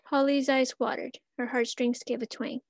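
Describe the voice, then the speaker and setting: A woman reads her own rhymed tale aloud in measured verse. Her voice is high, and the recording is close and dry. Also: little pitch movement, no room sound. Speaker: student reader.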